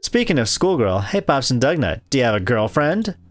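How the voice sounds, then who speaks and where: A man's voice: mid-range voice, big pitch swings, fairly quick, soft background music, lightly acted. A man voicing a chipper, forward teenage schoolgirl from a rich family, reading her lines in a perky, teasing way for a game playthrough.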